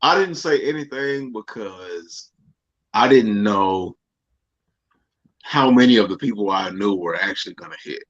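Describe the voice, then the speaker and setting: A man co-hosting a livestream in casual chat, laid-back and quick to laugh. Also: on the low side, expressive, lo-fi sound. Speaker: co-host.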